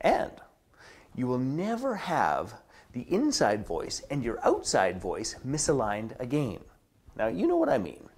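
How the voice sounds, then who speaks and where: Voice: medium pitch, huge pitch swings, unhurried, a little mellow, slightly rough. A business strategist giving a scripted promotional address, with dramatic delivery that drops into whispers for emphasis. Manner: acts out contrasting inner and outer voices.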